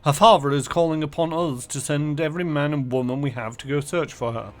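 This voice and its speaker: A man's voice: fairly high pitch, brisk, lightly acted. A man voicing a dutiful royal advisor reporting to the ruler in a game. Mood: urgent. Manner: dutiful, reading aloud.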